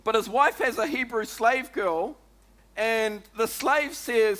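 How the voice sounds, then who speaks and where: A New Zealand man preaching, his voice sitting very high and ringing bright and forceful. He talks to his congregation in a lively, chatty way, tossing in "come on" and "eh?" as he goes. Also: slow pace. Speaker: pastor. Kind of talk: sermon.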